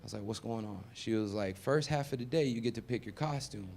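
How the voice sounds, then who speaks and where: A man performing a stand-up comedy set, chatty and conversational, dropping to mumbled asides and jumping up loud for punchlines. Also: lowish voice, quick pace, vocal fry. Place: comedy venue with live audience.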